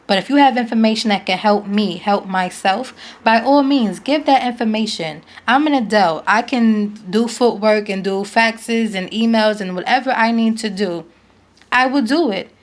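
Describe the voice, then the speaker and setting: A woman's voice: on the high side, normal speed. Earnest young woman pleading to camera. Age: 20s. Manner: earnest, pleading, emphatic repetitions. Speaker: vlogger, parent. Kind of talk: emotional direct-to-camera appeal.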